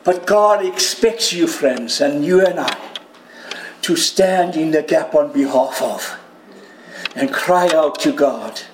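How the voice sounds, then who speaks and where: Male preacher, high voice, unhurried delivery, bursts of loud emotion, echoey church hall. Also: slight background noise. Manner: animated, cries out quoted prayers loudly; jokes with the congregation and home viewers. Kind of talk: sermon. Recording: roomy hall with faint ambience.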